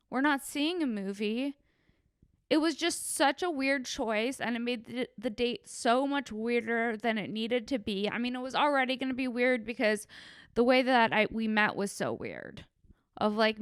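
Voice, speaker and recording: A woman hosting a solo podcast, telling rambling, profane, animated stories. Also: on the high side, clear, resonant tone, no echo, studio quality. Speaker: podcast host. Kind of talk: solo comedic podcast monologue. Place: Los Angeles.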